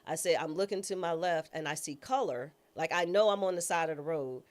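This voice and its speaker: A woman's voice: deep voice, a little fast. A woman guest, a former judge and trial attorney, telling a personal story in an interview. She speaks casually and acts out the voices of people she quotes. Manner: casual, informal speech.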